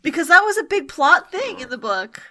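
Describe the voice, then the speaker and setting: A woman co-hosting a casual podcast chat, blunt and animated, often laughing. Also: extremely high pitch, normal speed. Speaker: podcast co-host.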